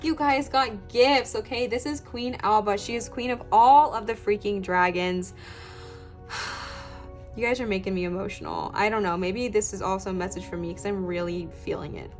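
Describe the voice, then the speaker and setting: A woman's voice: mid-range voice, fairly quick, hardly any pauses, soft background music. A young woman giving a pick-a-card tarot reading in an earnest, emphatic way, close to tears and repeating affirmations. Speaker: tarot reader.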